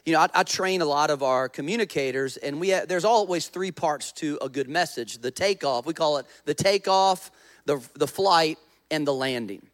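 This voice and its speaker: Speaking at a moderate pace in a fairly high voice, a male pastor preaches conversationally. He cracks jokes, prompts the congregation, and performs the voices of people in his stories.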